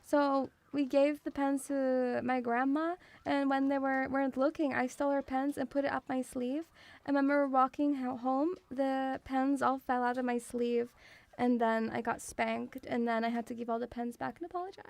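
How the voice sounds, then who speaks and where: A woman's voice: high-pitched, moderate pace, creaky, dry recording. A young British woman streaming live as a playful, mock-stern teacher who teases her audience. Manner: teasing, mock-stern, calls the audience "sweetie".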